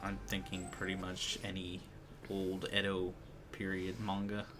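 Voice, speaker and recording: Lower-voiced man joking along. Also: completely flat delivery, a little slow, a bit bright, faint music behind. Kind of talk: casual game review chat.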